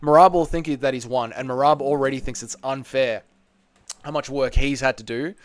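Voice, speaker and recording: A man's voice: mid-range voice, steady tone, brisk, no echo. An Australian man hosting a livestream, reading viewer comments aloud and answering them in casual, bantering chat from a room at home. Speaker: podcast host. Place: home room with balcony window open.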